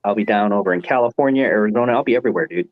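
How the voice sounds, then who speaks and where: A man's voice: on the low side, rapid-fire. A man, a trucker, chatting plainly and matter-of-factly with a group over a call. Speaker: trucker guest. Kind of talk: casual group chat. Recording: dull dry call audio.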